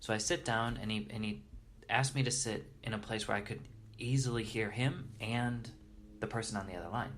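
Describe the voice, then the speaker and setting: Guy with a slightly low voice telling heartfelt stories in an interview, earnest, keeps restarting sentences. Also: fairly even intonation, a little hiss or hum. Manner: earnest and reverent, halting restarts. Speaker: interview guest. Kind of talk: storytelling in conversation.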